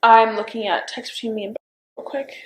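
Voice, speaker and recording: A young woman in her twenties recounting events in a recorded police interview, halting and unsure, with constant fillers and restarts. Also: fairly high pitch, flat delivery, faint music behind. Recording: roomy interview room recording.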